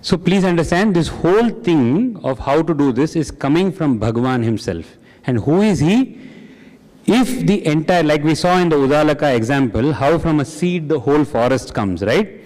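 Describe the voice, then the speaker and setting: A man with a fairly high voice leads a spiritual study group, firing questions at the room and warmly affirming each answer. His words ring out with the long reverb of a large hall. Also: lively intonation, normal speed. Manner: questioning and encouraging the audience. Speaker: satsang discussion leader. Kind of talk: interactive spiritual class.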